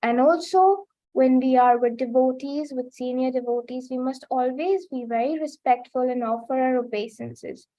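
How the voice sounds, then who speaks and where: High-voiced woman teaching kids over a call. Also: dark tone, poor audio. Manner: keeps asking "right?" to engage the children. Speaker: children's class teacher. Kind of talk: storytelling lesson for kids. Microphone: video call.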